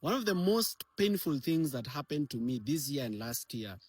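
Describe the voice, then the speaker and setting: A man's voice: a little high, sing-song, moderate pace, slightly rough, no room sound. A man speaking earnestly and directly about his own experience.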